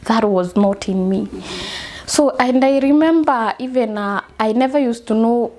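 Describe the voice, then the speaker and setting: A young woman with a Kenyan accent telling a personal story in halting speech, slipping into Swahili phrases and repeating herself. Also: on the high side, darkish tone. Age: young adult. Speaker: interviewee. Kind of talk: personal testimony.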